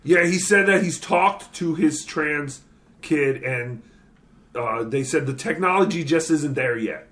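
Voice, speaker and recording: A man co-hosting a casual podcast, reacting playfully and quickly. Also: on the high side, a bit bright, slight background noise. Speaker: podcast co-host. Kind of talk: casual chat.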